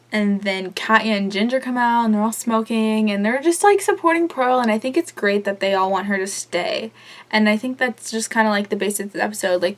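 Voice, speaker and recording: A woman's voice: on the high side, a bit bright. A young woman recapping a reality show episode as a fan, gushing, rambling and swearing a lot. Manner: rambling with many fillers and asides. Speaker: vlogger reviewing a reality show. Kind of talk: casual fan recap vlog.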